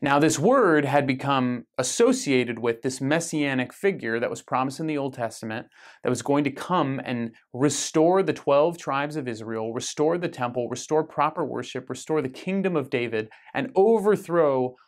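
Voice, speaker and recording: An American man with a medium-pitched, expressive voice leads a weekly parish Bible study at a moderate pace. He explains scripture conversationally, with plenty of ums and self-corrections, in a casual teaching style.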